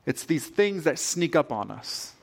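A male pastor preaches with animated energy and often repeats his phrases to drive a point home. His voice sits a little higher than most men's. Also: unhurried, vocal fry. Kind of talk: sermon.

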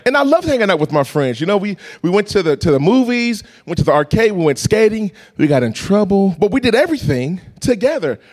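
A man preaching a storytelling sermon, animated and acting out voices and sounds. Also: sits high, fairly quick, hardly any pauses. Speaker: pastor.

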